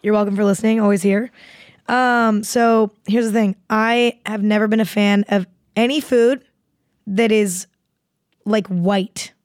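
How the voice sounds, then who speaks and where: A young adult woman hosts a casual podcast, wandering from thought to thought and swearing freely. Her voice sits at an ordinary pitch for a woman. It is recorded close and dry, with no room sound. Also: steady tone, measured pace, no echo. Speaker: podcast host. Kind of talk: casual chat.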